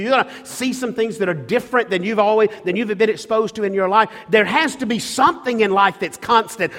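High-voiced preacher in an echoing hall. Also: male voice, a bit bright. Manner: emphatic, repetitive preaching with restarts. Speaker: pastor. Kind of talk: sermon. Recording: long reverb of a large hall.

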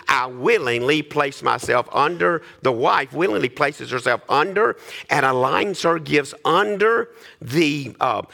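A man's voice: fairly high pitch, creaky, sharp tone. A man preaching a sermon, reading scripture and then explaining it with repetition and asides to the congregation. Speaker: pastor.

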